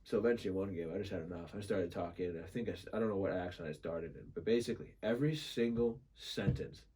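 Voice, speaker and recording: A man on a podcast as a guest, telling a story in a casual, animated way, laughing and swearing freely. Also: deep voice, quick pace, slightly rough.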